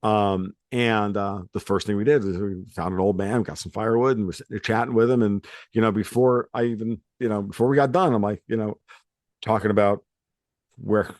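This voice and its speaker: A low-voiced man hosting a podcast chats casually, wandering through his thoughts and restarting sentences. He grew up in New York. The recording is dry and close. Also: fairly even intonation, a little fast, dry recording. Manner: rambling, many fillers and restarts. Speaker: podcast host. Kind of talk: casual chat.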